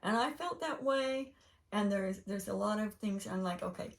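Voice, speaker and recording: An older woman hosting a casual chat, telling a rambling, animated story with laughing asides. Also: medium pitch, moderate pace, creaky. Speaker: podcast host. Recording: voice a bit far from mic.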